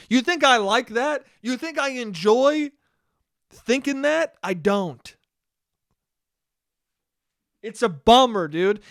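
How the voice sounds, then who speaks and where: A man's voice: high-pitched, fairly bright tone, no echo, clean studio sound. A young man hosting a solo podcast, ranting in a profane, self-mocking way and acting out the voices in his head. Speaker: podcast host. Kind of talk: solo comedic monologue.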